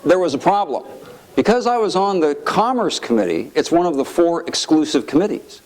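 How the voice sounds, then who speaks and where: Lively middle-aged man telling stories. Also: on the high side, brisk, low-quality recording. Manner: lively storyteller, acts out quotes with a raised voice. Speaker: former congressman telling stories. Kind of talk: anecdotal speech to an audience.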